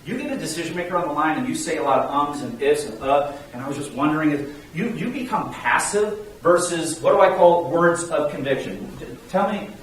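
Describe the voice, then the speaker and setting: Sales coach guy pumping up his team, fairly high voice, big echo, sounds far from the mic with a little hiss. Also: fairly quick, few pauses. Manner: emphatic, pleading, energetic. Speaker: sales trainer. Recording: echoey room, mic far off, faint hiss.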